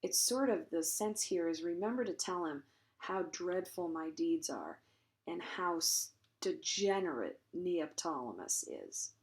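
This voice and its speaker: A woman with a slightly low voice explains a Latin passage line by line. She thinks aloud, pausing on ums and correcting herself as she goes, with a dry wry edge to her asides. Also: animated. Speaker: Latin teacher. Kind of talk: recorded translation lesson.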